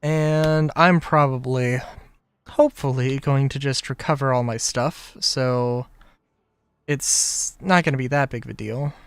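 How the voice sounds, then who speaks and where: A man's voice: mid-range voice, steady tone, unhurried, clear, resonant tone, dry recording, studio quality. A man streaming a game live, chatting casually in a rambling, self-correcting way. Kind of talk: casual gameplay chat.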